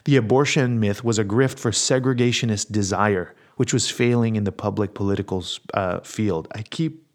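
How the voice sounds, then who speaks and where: A man's voice: lowish voice, normal speed. A pastor hosting his own podcast in a casual solo monologue. He is rambling, sarcastic and swears freely.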